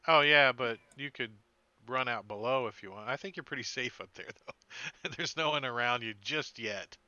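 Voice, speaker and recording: A man running a tabletop game as game master, acting out sound effects and shouted lines. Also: medium pitch, normal speed, smooth, no echo, muffled recording.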